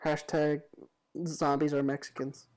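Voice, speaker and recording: A man's voice: a little high, level tone, measured pace, a little mellow. Crude joking podcast guy. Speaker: podcast host. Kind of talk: casual podcast banter.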